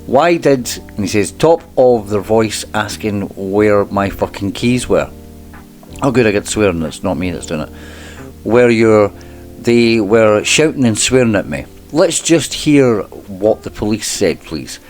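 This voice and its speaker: Male host, low voice, reads court transcript aloud, measured delivery with dry wry asides. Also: lively intonation, darkish tone, faint music behind. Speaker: channel host reading court testimony. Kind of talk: reading a transcript aloud with commentary.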